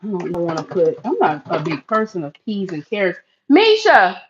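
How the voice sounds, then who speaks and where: Cooking in her home kitchen on a live stream, a middle-aged woman from Florida chats with viewers and calls them y'all. She speaks fairly quickly in a fairly low voice, and the recording is muffled with background noise.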